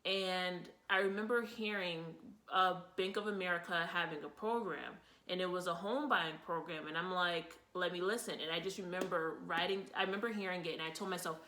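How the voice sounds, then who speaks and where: A woman's voice: fairly low pitch, fairly quick, few pauses, bright, forceful tone. A young woman vlogger telling a personal story in a rambling, casual way, with lots of fillers and repeats. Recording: echoey room.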